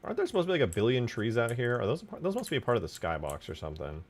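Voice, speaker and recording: He talks at a racing clip in a mid-range voice, an American streamer modding a game live. His casual commentary mixes jokes with chat, self-directed muttering and sudden excited yelps.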